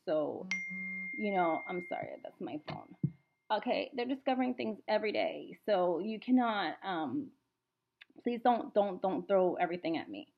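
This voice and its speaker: A woman's voice: medium pitch, vocal fry. Emphatic young woman vlogger, lo-fi. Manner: emphatic, repeats "you know what" and "okay?". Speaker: weight-loss vlogger. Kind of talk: casual motivational talk to camera.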